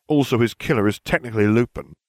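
A man's voice: mid-range voice, fast, no echo, studio quality, voice pushed up, natural voice. A man voicing a smug, condescending teenage boy wizard in an audiobook reading. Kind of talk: audiobook fan fiction reading.

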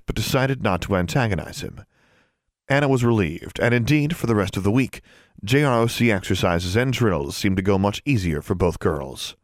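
A man narrating a novel as an audiobook in steady storytelling. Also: fairly low pitch, no echo, studio quality. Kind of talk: scripted narration.

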